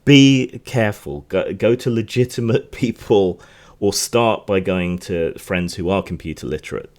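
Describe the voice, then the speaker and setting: A man's voice: sits low, measured pace, a little mellow. A man hosting a podcast, talking through the news in a rambling, chatty way with frequent restarts and asides. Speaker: podcast host. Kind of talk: casual news commentary.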